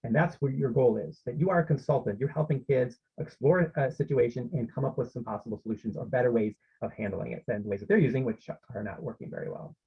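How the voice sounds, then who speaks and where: A man's voice: medium pitch, fast talker, hardly any pauses, breathy edge, lo-fi sound. A man presenting an online parenting workshop, explaining steps and often checking in with his listeners.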